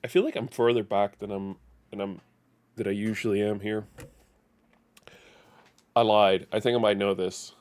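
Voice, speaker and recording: A man's voice: on the low side, moderate pace, pauses often. Chatty man streaming a game. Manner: chatty, animated, self-correcting. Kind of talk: live gameplay commentary.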